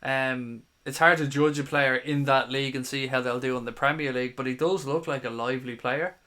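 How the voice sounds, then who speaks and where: A fan channel host, a man in his thirties, reads viewer comments aloud on a live stream in a casual, matey way, swearing now and then. His voice sits at medium pitch with a steady, sharp tone and a fairly quick delivery.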